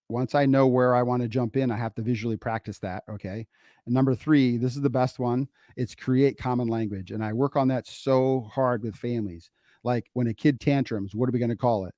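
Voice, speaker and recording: A middle-aged man talks through a casual podcast, his tone mellow and warm. He tells stories with energy and repeats key phrases for emphasis. The mic is close and the sound is dry. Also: medium pitch, dry recording. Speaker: podcast co-host, father.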